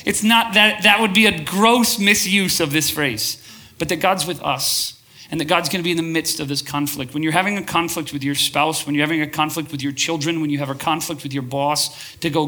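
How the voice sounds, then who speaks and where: A man's voice: on the high side, moderate pace, bright, forceful tone. A man preaching a sermon to a live congregation, passionate and restless, often asking for a show of hands and restarting his phrases as he builds up. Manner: passionate, asks the crowd for shows of hands. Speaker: pastor.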